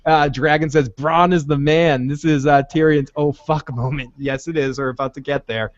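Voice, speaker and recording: Man, slightly high voice, lively co-host who acts out lines, dry dull lo-fi audio. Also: normal speed, no echo. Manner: animated, acts out quotes, laughs often. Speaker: podcast co-host. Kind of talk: casual recap chat.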